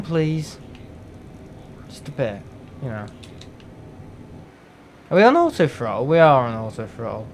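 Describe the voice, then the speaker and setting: A man's voice: a little high, a little hiss or hum. A man chatting bluntly on a live game stream, rambling, joking and swearing freely.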